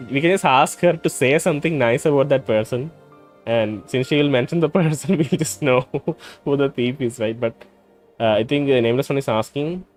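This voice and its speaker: A man playing a story game and thinking aloud in hesitant commentary, full of pauses and restarts. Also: mid-range voice. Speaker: let's play host. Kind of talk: let's play commentary.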